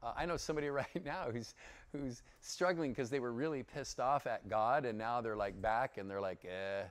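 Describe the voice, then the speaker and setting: A man's voice: mid-range voice, moderate pace. A man teaching the Bible in a casual, conversational sermon, often checking in with his listeners. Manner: chatty, keeps checking in with "yeah?". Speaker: pastor.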